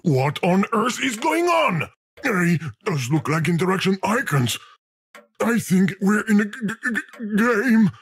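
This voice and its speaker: A man's voice: sits high, sing-song, unhurried, a bit bright, breathy edge, exaggerated voice. A man voicing a talking video game that frets over and scolds the player in a theatrical way. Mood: flustered.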